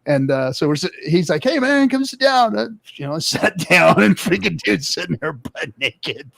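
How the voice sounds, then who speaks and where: Gravelly guy spinning a crazy story, swearing, jumps to loud voices. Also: on the high side, normal speed, no room sound. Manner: animated, loud quoted voices, swears often. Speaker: podcast co-host. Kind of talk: casual storytelling chat.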